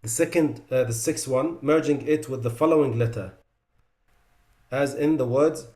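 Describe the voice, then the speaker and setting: A man teaching a tajweed class on recitation mistakes. He recites each sound as an example, then drops his voice low to say what is wrong with it. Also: normal speed, warm tone. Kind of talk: tajweed lesson.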